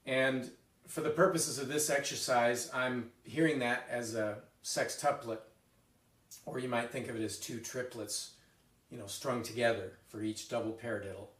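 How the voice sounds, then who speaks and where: A man teaching a drum lesson, explaining a rudiment exercise in a relaxed way with fillers and restarts, recorded from a distance. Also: mid-range voice, normal speed. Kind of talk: spoken music lesson with demonstrations. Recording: roomy, mic set back. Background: drums and metronome.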